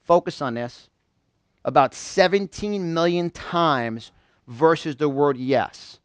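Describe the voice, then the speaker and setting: A man's voice: on the high side, animated, measured pace, no room sound. A man from New York giving a live motivational seminar, quizzing a small audience in call-and-response. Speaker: motivational speaker.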